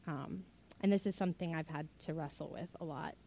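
A young woman chaplain delivers a sermon built around a personal story. Her voice sits somewhat low, and she speaks earnestly and emotionally, with frequent ums and restarts. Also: a little fast, vocal fry, dark tone, a little hiss or hum. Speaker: chaplain preaching.

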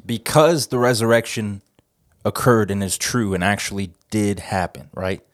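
Man, podcast host, chatty, rambling, casual, lowish voice, dry close sound. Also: normal speed, no echo. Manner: chatty, rambling, jokes at himself. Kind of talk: casual church podcast chat. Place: church office studio.

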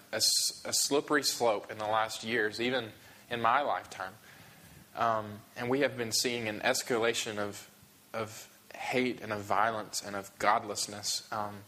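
A man preaching a sermon to his congregation, emotional and halting, often restarting his sentences. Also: medium pitch, sharp tone. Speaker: pastor.

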